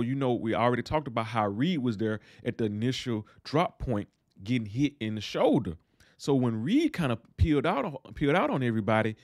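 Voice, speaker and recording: A man's voice: mid-range voice, dry recording, studio quality. Slangy man recapping a TV episode. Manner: animated retelling with slangy asides and acted-out dialogue. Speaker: TV recap host.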